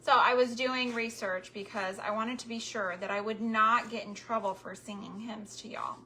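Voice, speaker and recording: A woman's voice: a little high, steady tone, normal speed, pushed and bright, a little hiss or hum. A woman chatting casually with her viewers while crafting, tender and a little sentimental, often speaking straight to them. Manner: talks directly to viewers.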